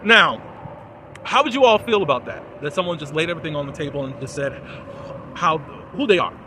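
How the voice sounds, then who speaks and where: A man giving a chatty, animated recap and commentary on a TV episode, full of fillers, recorded outdoors in a city. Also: on the high side, fairly quick, a little hiss or hum. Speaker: TV episode reviewer.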